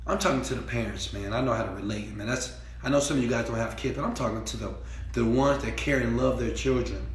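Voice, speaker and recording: A man giving a preachy motivational speech, repeating himself and swinging between quiet talk and shouting. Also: mid-range voice, echoey room. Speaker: motivational speaker.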